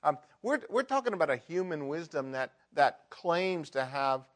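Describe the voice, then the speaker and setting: Middle-aged male pastor mid-sermon, slightly high pitch, shifts between soft intimacy and forceful emphasis. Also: sing-song, moderate pace. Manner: emphatic, swings between loud mock outbursts and hushed prayer. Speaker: preacher.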